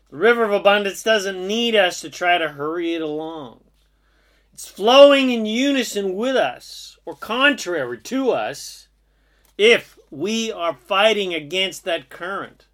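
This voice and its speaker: A man giving an earnest, sermon-like spiritual talk, drawing out his phrases slowly. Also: high-pitched, a bit bright. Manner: slow, earnest, sermon-like delivery with drawn-out phrases. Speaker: spiritual speaker. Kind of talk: inspirational monologue.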